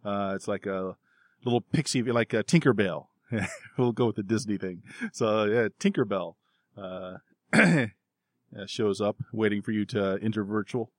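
Low voiced guy running a tabletop game, laid back, lots of uhs, dry close mic. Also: unhurried, dry recording. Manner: relaxed, many fillers and chuckles. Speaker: game master.

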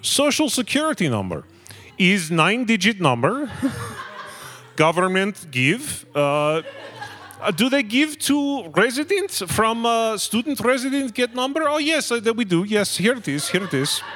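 A man doing the voice of an anxious immigrant man who speaks halting broken English with a put-on foreign accent. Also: sits high, very animated, a bit bright, voice pushed up, full character voice. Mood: earnest.

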